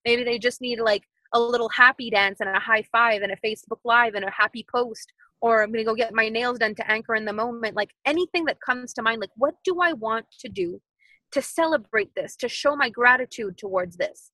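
A woman's voice: fairly high pitch, fairly quick, dry recording, poor audio. A woman in her thirties, a podcast guest talking casually and animatedly, repeating her points like mantras. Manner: animated, repetitive motivational phrasing.

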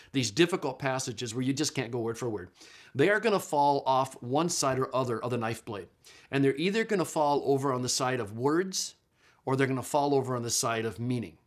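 A middle-aged man giving a conversational lecture on Bible translation, explaining patiently with frequent fillers and restarts. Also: mid-range voice. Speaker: Bible scholar and teacher.

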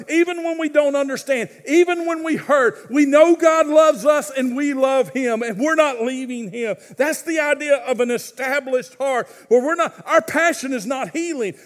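High-voiced preacher in a reverberant hall. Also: male voice. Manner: swings from loud fervent exhortation to hushed intimate pleading. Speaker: pastor. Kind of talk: sermon.

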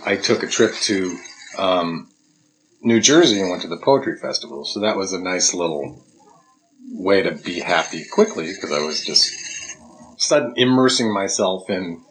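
A man's voice: sits low, lively intonation, normal speed, low-quality recording. A man co-hosting a podcast, chatting casually and hesitantly, with plenty of ums and restarts. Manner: rambling, hums tunes, hesitant with ums. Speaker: podcast co-host. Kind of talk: casual chat.

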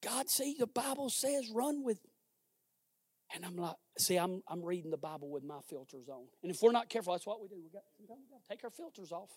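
A male pastor preaching a sermon in a conversational, exhorting way, swinging from hushed words to shouted emphasis. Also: sits high, very fast, hardly any pauses, no room sound, clean studio sound. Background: instrumental music underneath.

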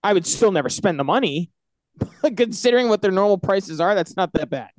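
A man rattling off quick, teasing asides in a casual sports chat. His voice sits a bit high for a man, and the recording is dry and close. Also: lively intonation, dry recording. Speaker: podcast co-host.

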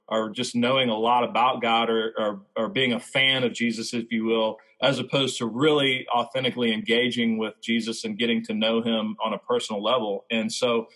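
A man, a former baseball player, telling his faith testimony as a podcast guest in a reflective, halting way. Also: mid-range voice, level tone, fairly bright tone, poor audio.

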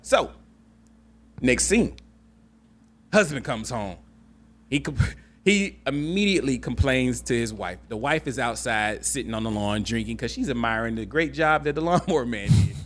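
A man's voice: mid-range voice, normal speed. A man hosting a casual podcast, animatedly retelling a movie plot with jokes and frequent laughter. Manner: animated, joking, laughs often. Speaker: podcast host.

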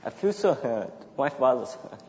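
A man's voice: medium pitch, sing-song, dark tone. Thai man testifying in an echoey hall. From Thailand. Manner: halting, simple phrasing with short repeated sentences. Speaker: church member giving testimony. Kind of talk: personal testimony. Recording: echoey hall, dull lo-fi sound, faint background noise.

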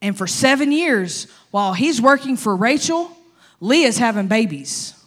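A woman pastor preaching in an animated, humorous, conversational sermon style. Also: a little high, unhurried.

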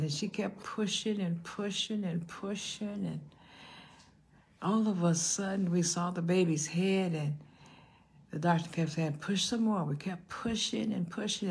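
An older woman preaching a sermon with a low, gravelly, husky voice. She tells a story at an unhurried pace and now and then sinks into a hushed whisper to stress a point. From United States. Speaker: pastor.

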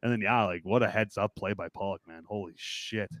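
A man's voice: on the low side, a little fast, fairly bright tone, no echo, studio quality. A man co-hosting a casual sports podcast, laid-back and swearing freely. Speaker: podcast co-host.

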